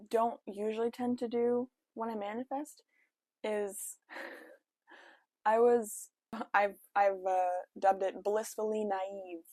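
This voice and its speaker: A young woman sits at home talking straight to her camera in a loose, chatty storytime way, dropping "like" often and acting out her own thoughts. Her voice sits at a middle pitch, recorded close and dry with no room echo. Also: dark tone. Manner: chatty, lots of "like" and self-quoting asides. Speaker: vlogger. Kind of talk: casual storytime chat.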